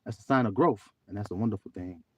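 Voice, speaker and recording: A man preaching on a livestream, swinging from soft talk to shouting and drawing out scripture slowly. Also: on the low side, no room sound. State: teary. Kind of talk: livestream sermon.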